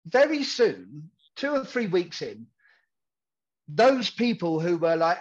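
Male guest, higher voice, candid rambler who acts out quotes; dull lo-fi audio. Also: lively intonation, unhurried. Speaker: podcast guest in recovery. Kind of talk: candid conversational storytelling.

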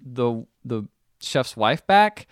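A man's voice: mid-range voice, very animated, takes it slowly, clear, resonant tone, dry recording, studio quality. A man hosting a podcast, rambling and correcting himself as he recaps a confusing movie. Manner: rambling, self-correcting storyteller acting out scenes. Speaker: podcast host. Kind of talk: casual chat recapping a movie.

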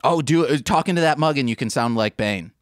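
A man co-hosting a podcast, playful and quick with jokes in casual chat over an internet call. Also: mid-range voice, expressive, clean tone, dry recording. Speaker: podcast co-host. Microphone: remote call over internet. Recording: dry remote call audio.

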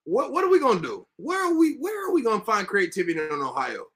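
A man with a Southern US accent, co-hosting a podcast and ranting about football in a profane, animated way. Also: sits high, fast. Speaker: podcast co-host. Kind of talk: casual sports chat.

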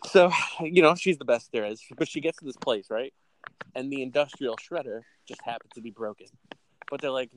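Animated man recapping a movie. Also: medium pitch, a little fast, slight background noise, low-quality recording. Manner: animated storyteller, swears freely. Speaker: podcast co-host. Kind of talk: casual movie recap chat.

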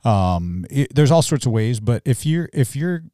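A man co-hosting a church podcast in casual chat, joking and animated with quick jumps in pitch. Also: dry recording, studio quality. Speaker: podcast co-host, church staff.

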